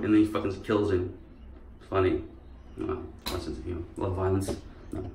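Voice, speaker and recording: A man's voice: sits low, level tone, brisk, darkish tone. A man vlogging in casual chat, rambling and profane. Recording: echoey room.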